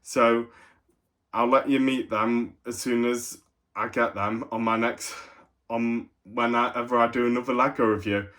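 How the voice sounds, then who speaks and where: A man's voice: medium pitch, steady tone, a little slow, fairly bright tone. An English man with a cold giving a casual toy review, rambling with many fillers and frequent laughs. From England. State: has a cold.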